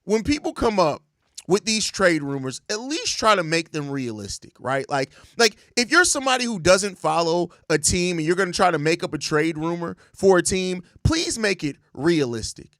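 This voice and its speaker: A man's voice: high-pitched, very animated, normal speed, fairly bright tone, no room sound, studio quality. A young man hosting a sports show, ranting in exasperated, profane casual commentary and repeating himself. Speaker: sports podcast host.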